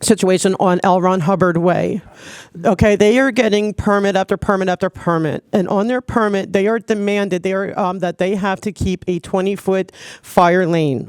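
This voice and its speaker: A woman's voice: medium pitch, a little mellow, clean tone, dry recording. Tearful, choked-up woman pleading earnestly. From Los Angeles. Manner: earnest, pleading, with halting restarts. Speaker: public commenter at a city commission meeting. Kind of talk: public comment address. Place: public meeting chamber.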